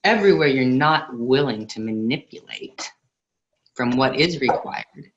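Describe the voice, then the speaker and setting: A woman co-hosting an online book club discussion, chatty and quick to laugh. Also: rumbling low, animated, lo-fi sound, a little hiss or hum. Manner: chatty, laughs often, quotes others in voices.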